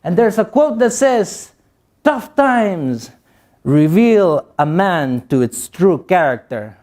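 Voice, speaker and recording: A man's voice: high-pitched, very animated, slow pace, darkish tone. A young man giving a motivational talk to youth. He speaks with a non-native accent, repeats phrases for emphasis and jokes with the audience.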